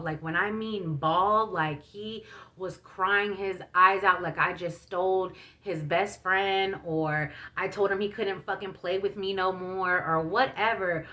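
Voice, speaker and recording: A woman's voice: on the low side, bright, forceful tone. A young woman vlogger telling a personal story in a casual, chatty way, full of fillers and feeling. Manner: chatty, many fillers, emotional retelling.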